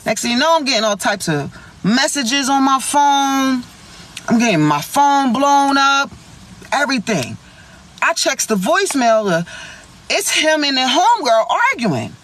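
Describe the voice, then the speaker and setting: High, lively Philly woman telling a story. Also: measured pace. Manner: animated, profane, slangy storytelling. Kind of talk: storytime vlog.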